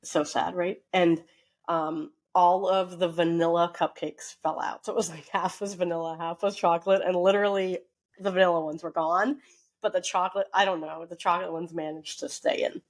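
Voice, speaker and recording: A woman co-hosting a casual podcast, talking on at length in a chatty, animated way. Her voice sits on the low side, and she keeps a story going with loose fillers. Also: normal speed. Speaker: podcast co-host.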